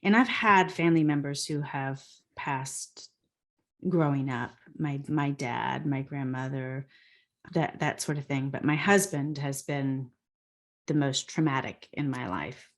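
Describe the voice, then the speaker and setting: A woman hosts an interview podcast in a very low voice. She speaks slowly, choosing her words with care as she asks questions. She often backs up and rephrases while she works toward her point. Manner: thoughtful, searching for words. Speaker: podcast host.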